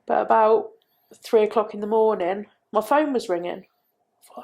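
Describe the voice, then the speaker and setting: A middle-aged woman recounting a painful personal story as a podcast guest, halting and repeating herself. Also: mid-range voice, vocal fry. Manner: halting, repeats phrases, quiet.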